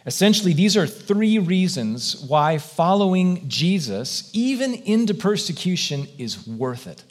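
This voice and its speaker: A man's voice: high-pitched, big pitch swings, unhurried. A man preaching a sermon as pastor, earnest and reflective, posing question after question to his congregation in a church.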